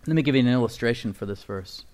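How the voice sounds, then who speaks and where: A man's voice: medium pitch, lively intonation, fast talker, a little mellow. A man preaching a sermon as pastor, emphatic and folksy, often asking the congregation for agreement and chuckling at his own points.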